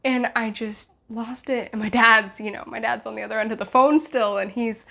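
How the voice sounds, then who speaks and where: A woman's voice: on the high side, fairly even intonation, moderate pace, a bit bright. A young woman vlogger telling a personal story in a casual, emotional, rambling way, full of restarts and acted-out dialogue.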